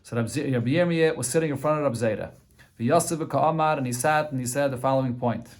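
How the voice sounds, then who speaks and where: A man's voice: medium pitch, fast, a little hiss or hum. A man teaching a Talmud class. He reads a short phrase of the text, then explains it in plain speech, often restarting his sentences as he works through each point. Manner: translates Aramaic phrase by phrase with frequent restarts.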